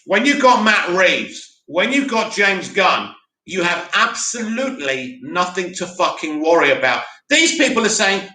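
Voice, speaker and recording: Casting: young South London guy, high, very bright voice, animated live-chat host, echoey room. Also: unhurried. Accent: South London English. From Bromley, England. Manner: animated, banter with chat, swears casually. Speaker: host of a live movie news stream. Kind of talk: casual live-stream chat reading comments.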